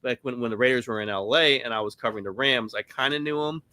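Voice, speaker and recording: A sports columnist in his fifties recounts anecdotes with animated, laughing energy. His voice is bright and forceful, recorded close and dry with no room sound. He slips into quoted voices as he goes. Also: mid-range voice, fast, no echo. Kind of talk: casual podcast storytelling.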